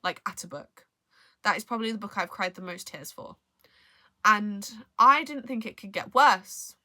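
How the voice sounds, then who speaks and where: A young book vlogger chats casually about books in a medium-pitched, sharp voice with no room sound. Her review rambles, often trailing off and restarting sentences.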